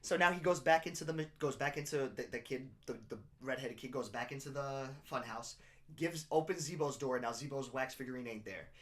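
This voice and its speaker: A young man with a medium-pitched voice talks a little fast as a co-host on a casual podcast. He retells a TV episode in animated fashion, swearing and laughing often.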